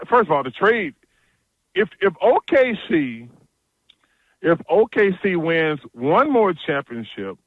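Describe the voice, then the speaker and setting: A man's voice: on the high side, dry recording, narrow, tinny audio. A man chatting as a guest analyst on a radio show, blunt and jokey, telling stories with lots of restarts. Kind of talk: casual phone-in radio chat.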